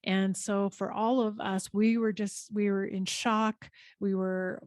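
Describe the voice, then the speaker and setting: A woman hosting a podcast interview, speaking in a gentle, empathetic way. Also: medium pitch, flat delivery, slow, no room sound, studio quality. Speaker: podcast host. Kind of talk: interview conversation.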